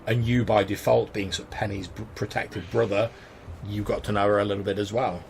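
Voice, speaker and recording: A man with a fairly low voice runs a tabletop game, narrating dream scenes in a descriptive, stop-start way. A faint hiss sits under the recording. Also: fairly even intonation, brisk, gravelly. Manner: descriptive, with frequent restarts. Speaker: game master.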